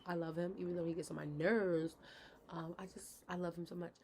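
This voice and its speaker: Vlogger mom, frank and chatty, talks straight to camera; faint noise underneath. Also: female voice, fairly low pitch, fairly even intonation, a little fast. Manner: frank, chatty, addresses viewers directly. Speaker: vlogger, mother of her kids. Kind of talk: candid personal vlog talk.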